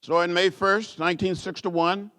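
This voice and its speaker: A man's voice: steady tone, normal speed, pushed and bright, smooth. A man, giving an award speech that moves from story to stirring oratory with repeated, rising phrases. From rural Alabama. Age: 70s. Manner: preacher-like cadence with rising repeated phrases and big pitch swings. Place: indoor gala event.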